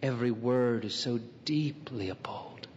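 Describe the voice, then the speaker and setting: A man's voice: medium pitch, normal speed, darkish tone, dull audio, slight background noise, close to an everyday voice. Man cast as a drifting, wry middle-aged canvasser for a radio drama; reverberant hall sound. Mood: musing. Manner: drifting inner monologue, wry asides. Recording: long hall reverb, faint ambience.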